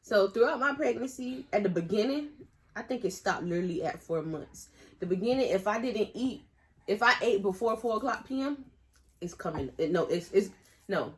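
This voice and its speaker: A woman's voice: medium pitch, animated, moderate pace. A young woman, chatting casually and teasingly with her sister on a vlog. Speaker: vlogger's sister. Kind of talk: casual storytime chat.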